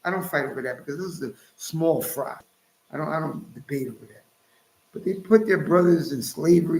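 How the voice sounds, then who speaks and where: A man's voice: on the high side, fairly quick, darkish tone. A man hosting his own channel, preaching emphatically and scolding his listeners as he cites scripture. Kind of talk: preaching commentary. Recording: roomy echo.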